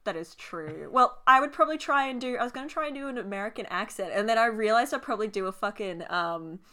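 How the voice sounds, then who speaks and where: A woman's voice: on the high side, expressive, fast talker, sharp tone, clear, resonant tone. An Australian woman co-hosting a podcast in casual chat, laughing often and swearing freely. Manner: laughing, swearing, quizzing her co-host. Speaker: podcast co-host.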